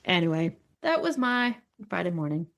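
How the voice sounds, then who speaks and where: A woman in her forties from Alberta, co-hosting a podcast in casual chat, telling animated stories full of swearing, acted-out quotes and laughter. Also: on the low side, normal speed, gravelly. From Alberta, Canada. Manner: animated storyteller, swears freely, acts out quotes, laughs often. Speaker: podcast co-host.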